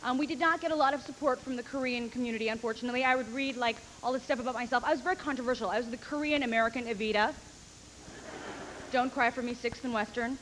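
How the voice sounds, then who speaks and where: A woman's voice: on the high side, fast, big-room sound, noisy background. A woman doing a stand-up comedy routine, telling brash, profane, rambling stories and acting out other people's voices. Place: comedy stage before a live audience.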